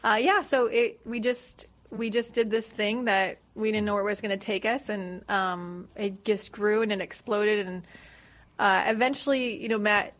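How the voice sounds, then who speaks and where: A woman's voice: mid-range voice, steady tone, normal speed, a bit bright. A woman guest in a radio studio, telling her story in a chatty way and acting out quotes of other people. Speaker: guest, business manager. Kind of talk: casual studio interview.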